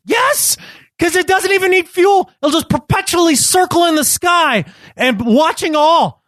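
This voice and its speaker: A man with a high, very animated voice co-hosts a podcast. He trades sarcastic riffs and slips into mock voices. The sound is dry and close. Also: measured pace, no echo. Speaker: podcast co-host. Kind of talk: casual chat.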